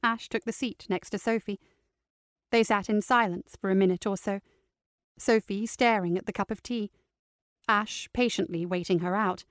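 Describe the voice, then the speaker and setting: A woman reading a novel aloud in steady, scripted narration. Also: medium pitch, moderate pace, dry recording, studio quality. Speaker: audiobook narrator.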